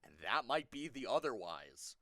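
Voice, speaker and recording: A man's voice: medium pitch, big pitch swings, normal speed, sharp tone, dry recording. A man giving live color commentary on a darts match, analytical and repeating points for emphasis.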